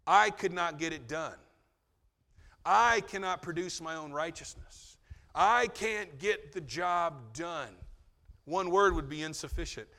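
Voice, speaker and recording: Bright-voiced male pastor preaching casually. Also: on the high side, big-room sound. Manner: conversational, joking asides, acts out quotes. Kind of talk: sermon.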